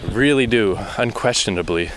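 A man's voice: fairly low pitch, fairly quick, fairly bright tone, a little hiss or hum. A man hosting his podcast, rambling and swearing in frustration as he walks along a wooded path outdoors, recorded on a portable battery mic. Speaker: podcast host. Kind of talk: rambling walking monologue. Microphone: battery-powered portable mic.

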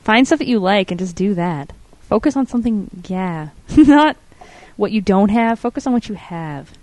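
A woman's voice: medium pitch, lively intonation, normal speed, a little mellow, dry recording. A young woman co-hosting a casual chat, blunt and giggly as she tells stories. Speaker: podcast co-host.

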